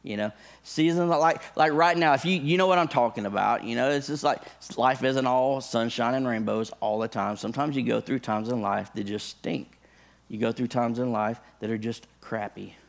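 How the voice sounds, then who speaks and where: A man who is a pastor, telling a funny personal story as part of a sermon, animated, with his voice jumping up high when excited. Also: moderate pace, creaky.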